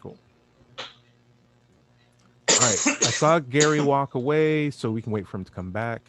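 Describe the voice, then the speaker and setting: A man's voice: medium pitch, animated, a little slow, very noisy. A man hosting a radio talk show, chatting loosely, joking, and steering the program toward breaks. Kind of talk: casual chat. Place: radio studio.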